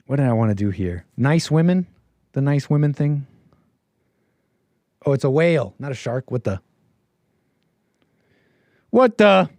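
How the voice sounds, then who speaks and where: A man's voice: medium pitch, lively intonation, normal speed, long pauses, no echo. Rambling male livestream host, dry sound. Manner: rambling and self-correcting, drifting between quiet asides and louder bursts. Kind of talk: casual livestream commentary.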